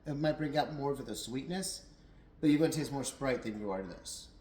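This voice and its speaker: A man's voice: mid-range voice, normal speed, a little mellow, reverberant, low-quality recording. A young adult man giving a casual, rambling whiskey tasting review at home, a little tipsy, with lots of fillers and restarts.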